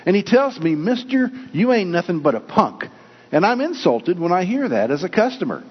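A man's voice: high voice, very animated, moderate pace, breathy edge, pitched above the performer's own voice, full character voice. Indignant male customer complaining , as a preacher acts him out; muffled, echoing hall sound. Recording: lo-fi with long hall reverb.

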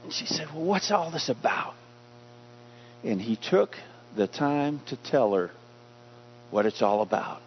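A man's voice: mid-range voice, big pitch swings, unhurried, pauses often, slight background noise. A man preaching a sermon as pastor, emphatic, putting questions to his congregation. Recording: dull lo-fi recording.

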